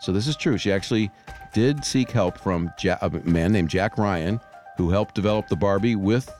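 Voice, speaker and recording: A man's voice: fairly low pitch, normal speed, darkish tone, faint music behind. A middle-aged man co-hosting a casual family trivia podcast, teasing his co-host and laughing often as he reads the questions. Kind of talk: casual radio podcast chat.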